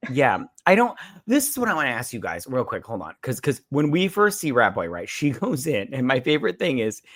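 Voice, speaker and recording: A man's voice: medium pitch, brisk, no echo, studio quality. A man hosting a casual drunk movie review podcast, retelling scenes and acting them out. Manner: animated retelling, acts out scenes. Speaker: podcast host.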